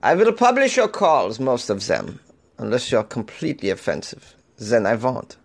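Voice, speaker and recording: A man hosting a solo comedy podcast, animated and over-caffeinated, swinging from loud jokes to muttered asides. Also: medium pitch, moderate pace, gravelly. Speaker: podcast host.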